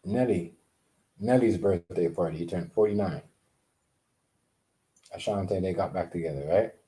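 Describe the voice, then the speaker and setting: A man with a deep, low-pitched voice rants casually to the camera in a rambling, repetitive way. He talks with a dark, mellow tone, swears freely and hammers his points with emphatic repeats. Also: normal speed. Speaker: vlogger.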